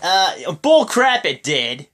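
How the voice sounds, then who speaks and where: A man's voice: high voice, big pitch swings, takes it slowly, a bit bright. Slangy young man with a raised voice. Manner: rambling, peppered with "like" and slang. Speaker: wrestling show reaction vlogger. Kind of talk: casual reaction commentary.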